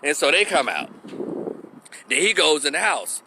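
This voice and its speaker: A man's voice: a little high, moderate pace, noisy background. A man telling a story in a casual vlog, talking animatedly and swearing freely. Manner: animated, profane, chatty. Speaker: vlogger.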